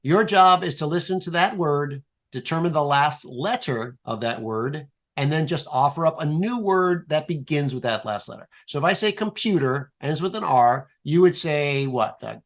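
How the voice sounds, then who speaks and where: A man guest on a podcast, explaining an improv exercise in a playful, animated way and swearing casually. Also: on the high side, moderate pace, few pauses.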